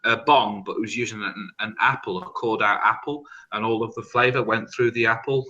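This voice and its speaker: Rambling man, bright voice. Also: lowish voice, fairly even intonation, dull audio. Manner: rambling, halting, swears freely. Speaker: hangout participant. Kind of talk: casual storytelling.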